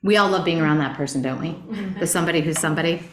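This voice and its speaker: A middle-aged woman teaching a Bible study class in an earnest, animated way, asking her group rhetorical questions. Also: low voice, racing, a crowd in the background. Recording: roomy echo.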